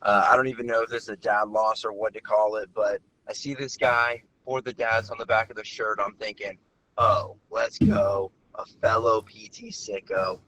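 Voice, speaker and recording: A man leaving a recorded voice message for a podcast, telling an animated story and getting loud when he quotes himself. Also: fairly low pitch, a little fast, few pauses, slight background noise, poor audio. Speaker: caller.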